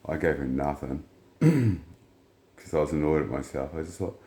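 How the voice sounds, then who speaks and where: A vlogger with a bass voice tells a rambling, blunt, profane story in a casual monologue, retelling dialogue in flat quotes. He speaks unhurriedly with long pauses, and the sound is roomy.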